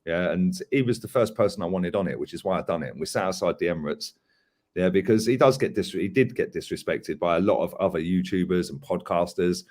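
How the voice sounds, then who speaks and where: A man's voice: low voice, fairly quick, a little mellow. A man hosting a casual podcast chat who tells stories animatedly, laughs often and uses many fillers. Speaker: host.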